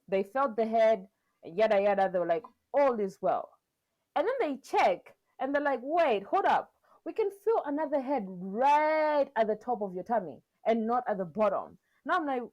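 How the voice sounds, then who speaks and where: A young woman co-hosting a podcast, chatting casually and telling her story with animated quotes and frequent laughs. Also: mid-range voice, lo-fi sound. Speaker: podcast co-host.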